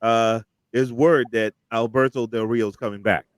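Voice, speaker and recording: A man's voice: mid-range voice, steady tone, measured pace, smooth, no room sound. A man hosting a casual podcast chat, moving the talk through wrestling news with emphatic opinions. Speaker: podcast host.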